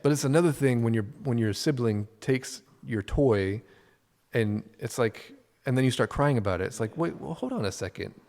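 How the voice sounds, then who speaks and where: A man's voice: mid-range voice, moderate pace, darkish tone. A man who is a podcast guest, musing aloud and often checking that he is understood. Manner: musing aloud, asking for agreement. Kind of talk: casual chat. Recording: reverberant room.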